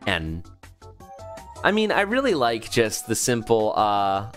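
A man's voice: lowish voice, huge pitch swings, slow, faint music behind. A man, a voice actor, chatting casually on a livestream in a playful, rambling way with lots of fillers. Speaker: voice actor streaming.

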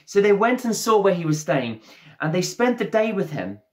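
Storytelling preacher with a slightly high voice. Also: male voice, sing-song, moderate pace. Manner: storytelling, acts out the characters' lines. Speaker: pastor. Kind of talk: sermon. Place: church, streamed online service.

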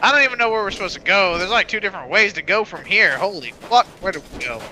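Excitable high-voiced young gamer man. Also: fast talker. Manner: excitable, loud swearing outbursts. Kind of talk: casual co-op gaming chat. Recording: noisy game capture.

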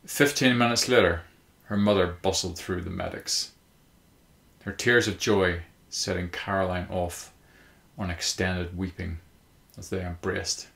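A man narrating a short story in a measured, even storytelling manner. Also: deep voice, vocal fry. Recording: roomy echo.

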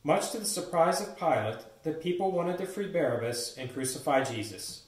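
Male narrator, slightly high voice, steady storybook read, distant church echo. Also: normal speed. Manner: steady storybook reading aloud. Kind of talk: church pageant reading. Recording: echoey church, distant mic.

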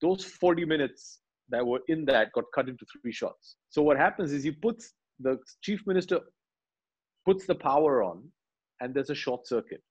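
A man, animatedly retelling film scenes in an interview and quietly acting out the lines. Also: a little high, normal speed, breathy edge, lo-fi sound. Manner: animated storyteller, acts out dialogue lines quietly. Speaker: actor, interview guest.

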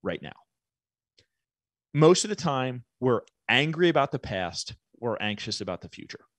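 In a reflective podcast interview, a guest who owns a business talks through ideas carefully, using everyday analogies. He speaks at normal speed with a medium pitch and big pitch swings, in a dry recording.

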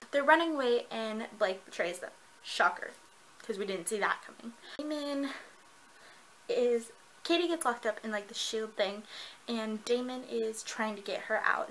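A woman reviewing a book in a casual vlog, gushing and excitable, with lots of fillers. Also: a little high, slight background noise, rough recording.

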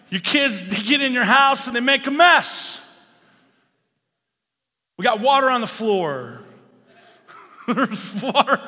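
A male pastor preaching an impassioned sermon that rises to shouts, recorded in a large church hall. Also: sits high.

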